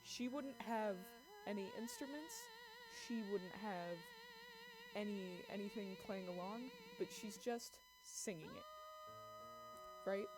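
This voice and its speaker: A woman's voice: medium pitch, huge pitch swings, slow pace, long pauses. A woman streamer chatting casually and laughing as she talks through character ideas. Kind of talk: casual chat while drawing. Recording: music playing behind. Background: background music.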